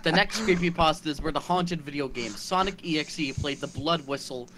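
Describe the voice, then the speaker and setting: A man's voice: on the high side, fairly quick, over a noisy crowd. A man reading a story aloud in a casual comedic session, easygoing and chuckling. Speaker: reader.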